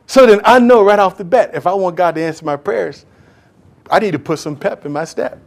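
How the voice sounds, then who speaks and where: A man preaching a sermon as pastor, impassioned and talking straight to the congregation, swinging from loud calls to hushed whispers. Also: high-pitched, a little fast, vocal fry. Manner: addresses congregation directly, acts out quoted voices.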